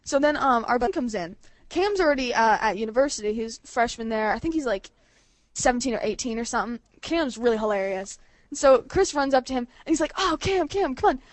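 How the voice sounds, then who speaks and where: High-voiced giggly young woman on a call. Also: fairly quick, no room sound. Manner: giggly, animated storyteller doing voices of friends. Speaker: podcast co-host. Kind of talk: casual chat over a call. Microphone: computer mic on an online call.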